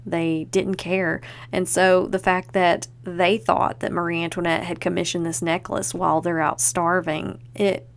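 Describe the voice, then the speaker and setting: A woman's voice: fairly low pitch, little pitch movement, measured pace, creaky, hardly any pauses. A woman hosting a podcast, chatting casually and enthusiastically and leaning on fillers like "like". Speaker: podcast host.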